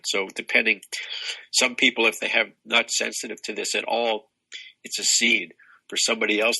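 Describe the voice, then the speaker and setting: Older man, spiritual teacher, expansive and rambling, low pitch, sharp tone. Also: gravelly, husky, rough recording. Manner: expansive, rambling, many restarts. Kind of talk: casual spiritual conversation.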